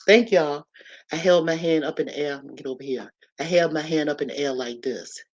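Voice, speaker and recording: A woman telling a personal story to a live audience in a lively, animated way, often calling her listeners y'all. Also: low-pitched, brisk, dull audio.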